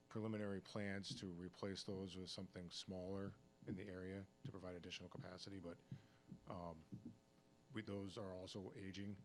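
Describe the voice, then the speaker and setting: A man's voice: sits low, slight background noise. A man explaining a utility project at a town meeting, his voice cracking a little from a cold, plain and technical with many fillers. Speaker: town engineering director. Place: town hall meeting room.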